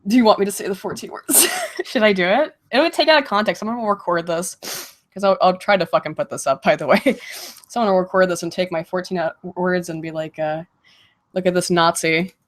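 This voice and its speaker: A woman casually chatting on a livestream Q&A, getting over a cold and clearing her throat, laughing often and swearing freely. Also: lowish voice, quick pace. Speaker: streamer answering viewer questions.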